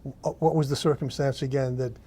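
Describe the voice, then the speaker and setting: A male host with a mellow, darker tone asks his guest questions, stumbling a little as he starts them. Between the questions he mostly gives short, quiet agreements. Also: mid-range voice, steady tone, quick pace, husky. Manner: brief affirmations, hesitant questions. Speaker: talk show host. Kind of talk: interview questions.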